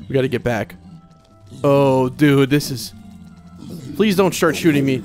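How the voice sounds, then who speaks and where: A man's voice: medium pitch, a little slow, gravelly, long pauses. A young man hosting a video game let's play, chatting casually and yelping with repeated words when things go wrong. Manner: animated, yelps and repeats himself when panicked. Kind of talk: excitable gameplay commentary. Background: soft game music.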